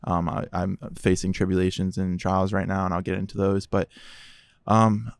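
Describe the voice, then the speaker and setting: A man, a podcast guest, telling his personal testimony in an animated way, acting out the dialogue. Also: sits low, moderate pace, vocal fry, no room sound. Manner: animated, acts out quoted dialogue.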